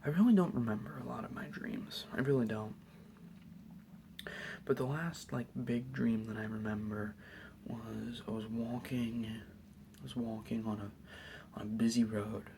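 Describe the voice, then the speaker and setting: Gravelly young man in soft whispers. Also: medium pitch, steady tone, a little slow, long pauses, noisy background. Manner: soft, hesitant, rambling whisper with many fillers. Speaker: YouTuber answering questions. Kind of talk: whispered ASMR Q&A. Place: home at night.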